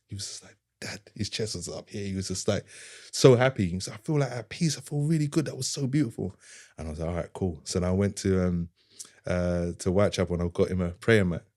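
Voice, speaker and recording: Very deep-voiced man. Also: darkish tone, dry recording, studio quality. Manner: earnest, heartfelt, often retells dialogue. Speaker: podcast guest. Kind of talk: emotional personal storytelling.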